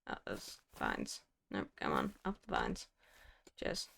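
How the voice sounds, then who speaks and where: A young woman streams a game and chats wryly to herself, scolding things with mock indignation. Her bass voice swoops wildly in pitch, slow and a bit bright, with vocal fry.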